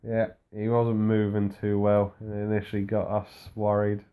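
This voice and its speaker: A man's voice: fairly low pitch, completely flat delivery, normal speed, warm tone, clean tone. A man co-hosting a casual wrestling recap, laid-back and dry, rambling through the show's events. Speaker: podcast co-host.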